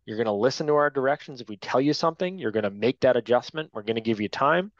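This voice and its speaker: A man's voice: medium pitch, animated, fast, no echo. Direct man training sports officials. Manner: direct, to-the-point, frequent tag "right?". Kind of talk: training class lecture. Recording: dull lo-fi dry sound.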